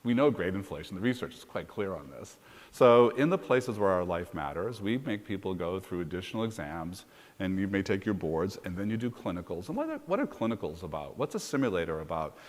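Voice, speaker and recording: A deep, low-voiced man talks quickly through lively anecdotes, the way a university president does in a conference fireside chat. His voice carries the long reverb of a large conference hall. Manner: brisk anecdotal storytelling. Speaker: university president being interviewed.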